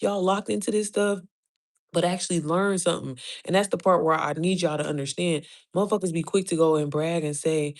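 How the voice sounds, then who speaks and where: A woman giving a casual, profane motivational rant to her followers, blunt and preachy, firing off emphatic rhetorical questions and breaking into quick laughs between points. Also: on the low side. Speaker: online business coach.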